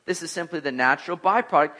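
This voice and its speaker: Man, pastor, sermon, bright forceful voice, slightly high, conversational, jokey, emphatic. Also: quick pace. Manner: conversational, joking, rising to emphatic exhortation.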